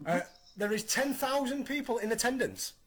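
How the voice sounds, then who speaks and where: A man in his thirties hosting a casual podcast, recapping in an animated, opinionated way. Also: very high-pitched, moderate pace, breathy edge. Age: 30s. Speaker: podcast host.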